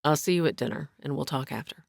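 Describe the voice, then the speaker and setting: A woman lowering her voice into a calm, protective young man. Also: quick pace, gravelly, no room sound, studio quality. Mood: gentle.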